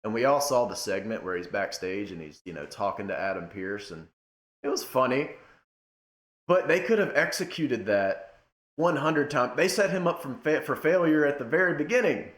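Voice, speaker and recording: A young man giving a casual rant to camera, emphatic, swinging between loud outbursts and low muttering. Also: animated, moderate pace, echoey room. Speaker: wrestling commentator.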